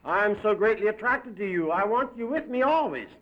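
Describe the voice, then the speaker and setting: A man's voice: high voice, lively intonation, brisk, pitched above the performer's own voice. A man voicing a gloating male demon who mocks and taunts a damned soul. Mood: mocking. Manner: mocking, shrieking, cackling. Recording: dull lo-fi recording.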